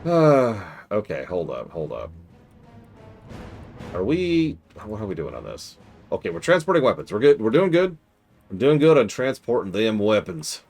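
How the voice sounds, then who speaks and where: A man streaming a strategy game, chatting casually and animatedly, with mock-exasperated outbursts and quiet mutters to himself while he plays. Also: on the low side, wildly swooping pitch, moderate pace, faint music behind.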